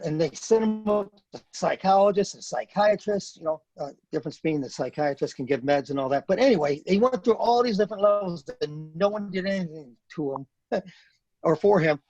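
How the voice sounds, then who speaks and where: A man's voice: high-pitched, darkish tone, no room sound, highs cut off. A man in his fifties, a retired Marine, telling a story as a podcast guest in a blunt, earnest way and repeating phrases for emphasis. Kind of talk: casual storytelling in a podcast interview.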